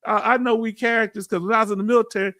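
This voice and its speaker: Middle-aged man, Texas Southern accent, lively folksy livestream host, dry room, slightly raised pitch. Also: very fast, no room sound. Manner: folksy, animated, talks straight to the chat. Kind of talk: casual livestream chat reading the chat.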